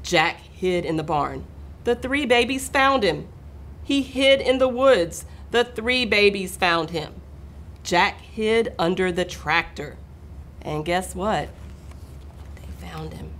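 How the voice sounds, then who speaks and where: Lively, expressive woman reading to kids. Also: mid-range voice, takes it slowly, slight background noise. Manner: expressive, talks to young listeners. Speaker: school administrator reading aloud. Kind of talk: children's read-aloud.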